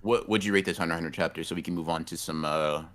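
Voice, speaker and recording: A young man with a low, bright-edged voice talks through a casual podcast chat. He rambles, restarts and drops slang as he goes. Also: steady tone, very fast. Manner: laid-back, rambling, lots of fillers and slang. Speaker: podcast co-host.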